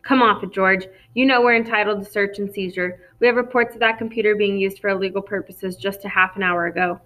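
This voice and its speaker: A woman doing a gruff, mocking police officer. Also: mid-range voice, fairly even intonation, fairly quick, fairly bright tone, natural voice, low-quality recording. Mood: mocking, blunt. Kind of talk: audiobook character reading.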